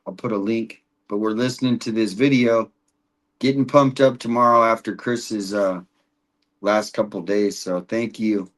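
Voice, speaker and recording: A man's voice: lowish voice, fairly even intonation, a little slow. A man hosting a casual livestream, rambling and reading viewer comments aloud. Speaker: livestream host.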